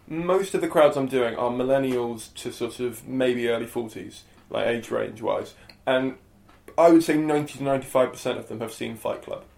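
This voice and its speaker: A young man with a mid-range voice chats about gigs in a quick, self-interrupting way. The sound is roomy, with noticeable echo around him. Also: mid-range voice, gravelly, a little mellow. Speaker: comedian host. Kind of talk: casual conversation.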